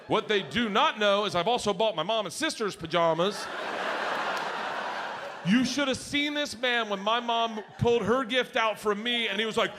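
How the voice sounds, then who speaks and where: A man performing a stand-up comedy set on a live stage, telling stories loudly and acting out other people's voices. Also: high-pitched, normal speed, noisy background. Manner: loud, animated storytelling with acted-out voices.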